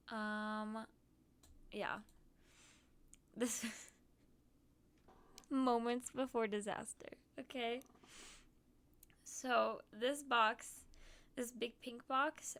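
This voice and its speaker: A woman's voice: medium pitch, gravelly, fairly bright tone. A woman streamer chatting casually about her trip while showing photos, bubbly and giggly with lots of "um" and "like".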